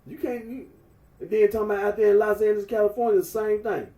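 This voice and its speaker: This male vlogger's voice is high-pitched and dark in tone, and he speaks fast. His monologue is an emphatic rant with heavy repetition, captured at a distance in an echoing room.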